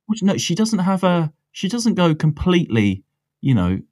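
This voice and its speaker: A man's voice: high-pitched, very animated, moderate pace, a little mellow, dry recording, studio quality. A man co-hosting a podcast in casual chat, easygoing and chuckling often. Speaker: podcast co-host.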